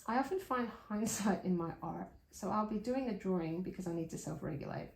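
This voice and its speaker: A chatty woman teaching drawing, her voice rising and falling in lively swings as she talks through each step. She muses aloud and laughs easily, heard in an echoey room. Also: medium pitch, brisk, gravelly. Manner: chatty, reflective, laughs often, talks to viewer while drawing. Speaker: art tutor. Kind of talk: casual drawing tutorial.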